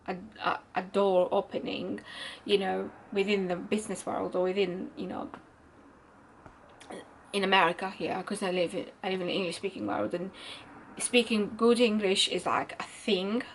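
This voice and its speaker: A woman's voice: mid-range voice, slight background noise, low-quality recording. A woman with an Italian accent, her first language Italian, speaks in an ordinary middle register. She talks openly to her viewers in a storytime vlog. Her sentences wander and restart as she reaches for words. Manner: rambling, searching for words, frequent restarts. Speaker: vlogger. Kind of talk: candid storytime monologue.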